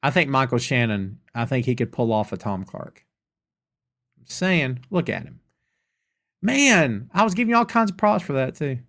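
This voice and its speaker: A man's voice: mid-range voice, big pitch swings, moderate pace, creaky, fairly bright tone. A man with a Southern US accent hosting a live question-and-answer podcast. He rants emphatically and casually, repeating lines for effect. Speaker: podcast host.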